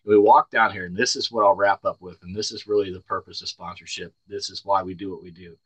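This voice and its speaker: Earnest low-voiced man telling his story. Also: steady tone, fast talker, fairly bright tone, breathy edge, no echo, rough recording. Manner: earnest storytelling, repeats words when starting. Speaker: recovery meeting speaker. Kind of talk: personal testimony talk.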